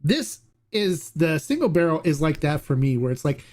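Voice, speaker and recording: Excited guy chatting on a tequila livestream, kinda high voice, laughs a lot. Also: moderate pace. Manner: excitable, laughs often, restarts sentences. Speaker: tequila reviewer hosting a livestream. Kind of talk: casual livestream chat.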